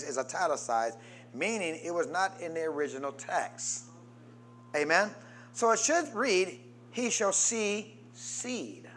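A man preaching a sermon as pastor, prompting the congregation to answer and swinging between loud emphatic calls and low quiet asides.

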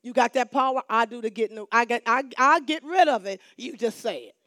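A woman pastor preaching a sermon in call-and-response style, repeating phrases for emphasis and swinging between hushed lines and shouts. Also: a little high, a little fast, no echo, clean studio sound.

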